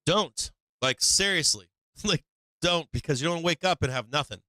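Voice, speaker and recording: A man's voice: fairly high pitch, expressive, moderate pace, sharp tone, no room sound. A man hosting a stock market live stream, ranting bluntly and profanely in a casual, preachy way with frequent laughs.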